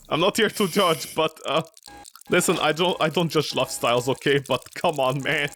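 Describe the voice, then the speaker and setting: A man's voice: fairly high pitch, normal speed, a bit bright, faint music behind. A man doing joking let's play commentary on a horror game, rambling and breaking into mock outrage and yelps. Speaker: gaming streamer.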